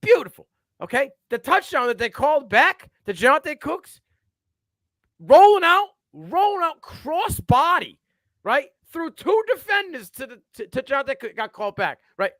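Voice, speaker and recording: A male co-host giving animated, profane takes on a sports talk livestream. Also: very high voice, a little slow, dry recording, studio quality.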